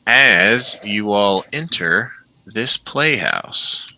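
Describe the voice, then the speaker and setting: Male game master, unhurried narration, bright tone, swings in pitch. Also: rough recording. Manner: relaxed, descriptive, with frequent fillers.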